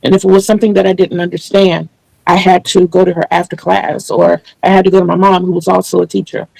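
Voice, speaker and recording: Gravelly-voiced woman hosting a chat. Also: on the low side, flat delivery, fast talker, a little mellow, dry recording, low-quality recording. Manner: earnest, explains at length with small restarts. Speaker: channel host interviewing a guest. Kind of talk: casual video interview chat.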